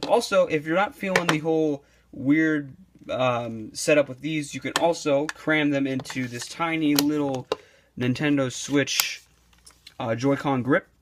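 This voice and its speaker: A young video reviewer rambles casually, swearing often, using lots of fillers, and mentioning that he's losing his voice. His voice is a little high and a little slow, with background noise behind him.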